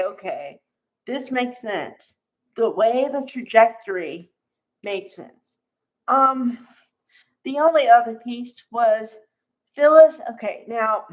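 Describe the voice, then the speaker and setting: Slow, chatty woman with a higher voice. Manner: chatty, drawn-out, many fillers and asides. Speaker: soap opera recap host. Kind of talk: casual commentary to viewers. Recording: dull lo-fi recording.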